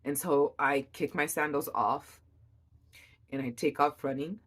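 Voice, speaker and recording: A young woman, a mother, telling a personal story in an emotional, halting way with many restarts. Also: low voice, steady tone. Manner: emotional, reliving events.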